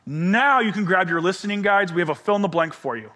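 Guy preaching a sermon, high-pitched and bright, goes soft then loud for emphasis. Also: quick pace. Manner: expressive, drops to whispers and shouts for emphasis. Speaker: pastor.

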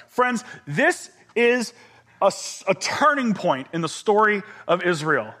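Male pastor, 30s, high and bright voice, expressive sermon delivery. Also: slow pace. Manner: expressive, drops to whispers and shouts for emphasis.

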